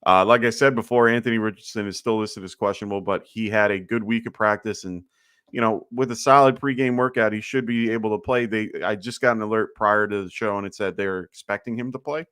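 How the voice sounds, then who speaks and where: Hosting a live fantasy football Q&A, a man with a slight lisp talks in a loose, chatty way full of fillers, sounding tired from too little sleep. His lowish voice is steady, fairly quick, a bit bright, clear and resonant. The studio-quality recording has no echo.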